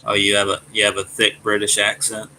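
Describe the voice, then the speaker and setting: A man from Alabama with a Southern accent and a gruff voice, casually chatting with his live-stream viewers and often stumbling over his words. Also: on the low side, monotone, pushed and bright, slight background noise, poor audio. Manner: halting, repeats words and restarts. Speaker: streamer reading chat.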